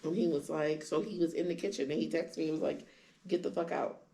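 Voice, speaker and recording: A woman candidly telling her own story in conversation, acting out quoted lines with sudden jumps in pitch. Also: fast talker, dark tone. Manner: acts out quoted dialogue with big pitch jumps. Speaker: guest sharing her story.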